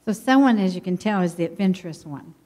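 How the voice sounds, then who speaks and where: A middle-aged woman, a missionary pastor's wife, telling a lively, heartfelt story to a church. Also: fairly low pitch, quick pace. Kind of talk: personal testimony to a church.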